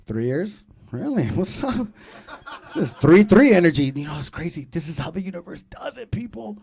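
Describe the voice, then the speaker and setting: A man in his thirties hosting a comedy show, doing loud, profane, teasing crowd work from a club stage. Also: sits high, sing-song, moderate pace, creaky, husky.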